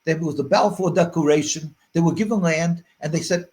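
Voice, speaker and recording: Earnest high-pitched rabbi speaking out. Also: male voice, a little fast, hardly any pauses. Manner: earnest, repeats words while searching for them; rises to forceful emphasis. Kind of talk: interview answers.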